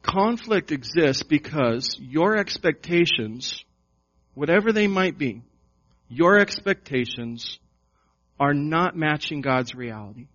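A man preaching a sermon to his congregation, slow and emphatic, with repeated questions. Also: a little high, lively intonation, fairly bright tone. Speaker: pastor. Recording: dull lo-fi sound.

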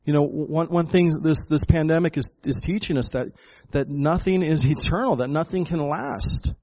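A man's voice: a little high, moderate pace, a little mellow, highs cut off. A pastor preaching a sermon to his congregation, emphatic, often repeating words and calling them folks. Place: church hall with a congregation.

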